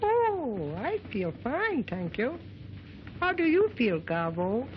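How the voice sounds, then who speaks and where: A man's voice: very high voice, wildly swooping pitch, takes it slowly, a little hiss or hum, voice pushed up, full character voice. A man voicing a cheeky, wisecracking wooden ventriloquist dummy in an early sound film. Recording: dull lo-fi 1920s film soundtrack with music.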